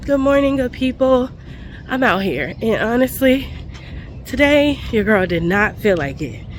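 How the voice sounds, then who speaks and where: A woman's voice: on the high side, big pitch swings, a little slow. A woman in her forties, congested and breathing heavily, chatting casually to her viewers while out on a walk. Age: 40s. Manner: chatty, addresses viewers as y'all. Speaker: budgeting vlogger. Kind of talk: casual vlog chat. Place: outdoors on a walk near traffic. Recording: outdoor street and traffic noise.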